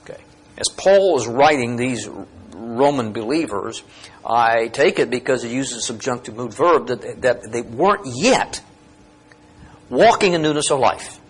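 A man's voice: mid-range voice, expressive, a little slow, breathy edge. A man teaching verse by verse from a Bible passage, explaining Greek grammar and rising to emphatic peaks.

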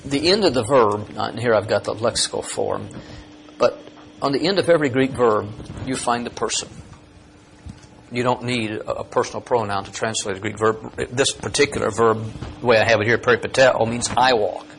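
A man's voice: medium pitch, moderate pace, gravelly, a bit bright, a little hiss or hum. A man teaching verse by verse from a Bible passage, explaining Greek grammar and rising to emphatic peaks.

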